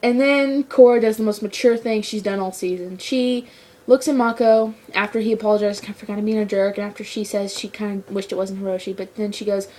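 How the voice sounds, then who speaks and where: A woman giving a casual episode review, rambling and excitable, with lots of "like" fillers. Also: mid-range voice, a little fast. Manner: rambling, excitable fan talk with many "like" fillers. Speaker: show reviewer.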